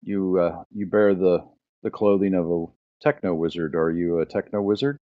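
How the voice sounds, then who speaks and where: A man's voice: sits low, normal speed, lightly acted. A man voicing Sir Galahad Prime, a cyber knight. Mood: commanding. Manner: polite, formal speech. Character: armored adult male cyber knight, courteous and commanding. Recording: muffled lo-fi audio.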